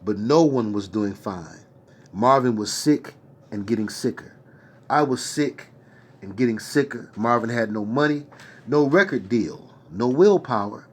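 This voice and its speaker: A man reading a memoir aloud in a steady voice, now and then stopping for slangy asides. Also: mid-range voice, measured pace. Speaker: reader.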